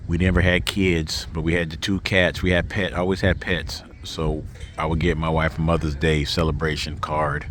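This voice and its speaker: A man talking in a casual personal vlog outdoors, reflective and halting, close to tears, speaking into a handheld camera as he walks. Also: extremely low pitch, flat delivery, a bit bright, a little hiss or hum. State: tearful. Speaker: vlogger. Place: outdoors walking in a neighborhood.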